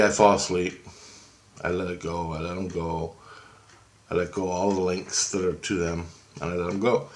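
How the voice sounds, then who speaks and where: Low-voiced man rambling through a dream story. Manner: halting, meandering, many fillers and restarts. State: just woken up, clearing his throat. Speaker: video blogger recounting a dream.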